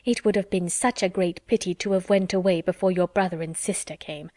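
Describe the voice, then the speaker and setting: A woman's voice: lowish voice, fairly even intonation, brisk, dark tone, dry recording, studio quality, natural voice. A woman voicing a gushing, sly young woman who needles her rival with emphatic, over-sweet insistence, read for a storybook. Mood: sugary.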